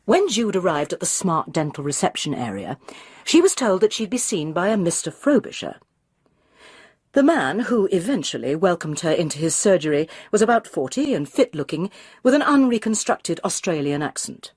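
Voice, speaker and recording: Husky woman reading a crime novel. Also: lowish voice, sing-song, moderate pace, darkish tone, no room sound, studio quality. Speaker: narrator.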